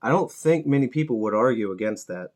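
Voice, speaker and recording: A man's voice: mid-range voice, lively intonation, fairly quick, a little mellow. A middle-aged man chatting casually while he paints miniatures, laid-back, swearing freely and joking at his own expense. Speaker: miniature painting channel host.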